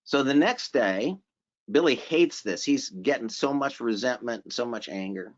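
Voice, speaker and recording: A man presenting a seminar in a relaxed, conversational way, repeating phrases for emphasis and asking the audience questions. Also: mid-range voice, moderate pace. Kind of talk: conversational lecture. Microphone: remote conference audio. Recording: slightly dull audio from a virtual conference.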